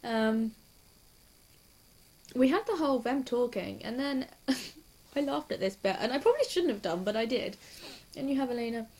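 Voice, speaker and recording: A young woman with a slightly high voice talks in a loose, rambling way. She giggles often and gushes, sounding hyper as she hops from one point to the next in a casual reaction vlog. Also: lively intonation, darkish tone. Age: young adult. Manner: hyper, giggly and quick to gush. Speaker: TV reaction vlogger.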